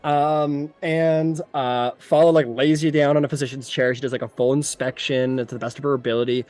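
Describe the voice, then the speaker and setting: A man's voice: mid-range voice, steady tone, fairly quick, a little mellow. A man narrating as game master of a tabletop game, in loose, filler-heavy storytelling.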